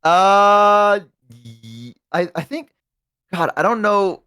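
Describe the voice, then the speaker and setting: A man's voice: high-pitched, lively intonation, drawn-out words, sharp tone, clean tone, no room sound. A man in his twenties, a guest streamer, chatting casually in a laid-back, self-deprecating, rambling way. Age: 20s. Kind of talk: casual chat on a livestream.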